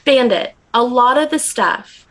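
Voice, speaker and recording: A woman's voice: fairly high pitch, animated, measured pace. A woman talking as a guest on a casual podcast, intense and emphatic, swearing freely.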